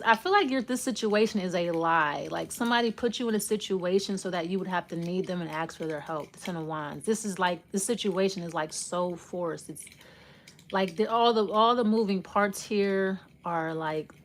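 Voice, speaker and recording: Rambling low-voiced woman reading tarot. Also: a little hiss or hum. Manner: rambling and intuitive, often trailing off and restarting. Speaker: tarot reader. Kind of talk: casual spoken tarot reading.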